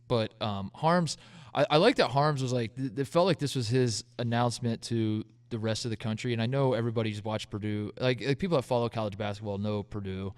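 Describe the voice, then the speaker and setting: A man co-hosting a sports podcast, telling stories in a casual, animated way and acting out what other people said. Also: mid-range voice, no room sound. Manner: animated storytelling, acts out quotes in jokey voices. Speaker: podcast co-host.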